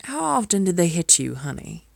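A woman's voice: lowish voice, fairly even intonation, slow, gravelly, darkish tone, dry recording. A woman in an audio role-play, speaking as a caring mistress to the listener, by turns scolding and tender, often dropping to a whisper.

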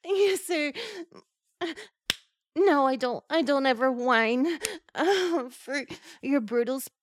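A woman's voice: sits high, lively intonation, takes it slowly, dry recording. A young woman performing adult audio role-play in a pleading, submissive manner, with frequent sighs and murmurs.

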